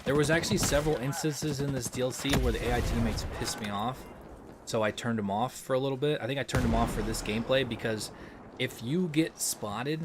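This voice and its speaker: A man's voice: medium pitch, fairly quick, very noisy. A young man hosting a gaming livestream, chatting casually and answering super chats with lots of ums and restarts. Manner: relaxed, rambling, frequent ums and restarts.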